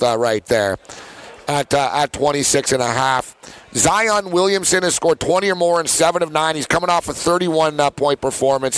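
A man hosting a sports betting talk show, telling animated stories with lots of fillers and laughs. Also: on the high side. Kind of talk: casual sports betting chat.

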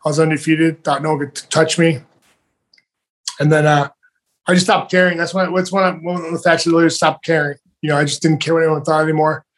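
Fast-talking animated man telling stories. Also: fairly high pitch, slight background noise. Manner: rambling, animated, acts out quotes. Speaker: professional fighter, guest. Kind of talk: casual interview storytelling.

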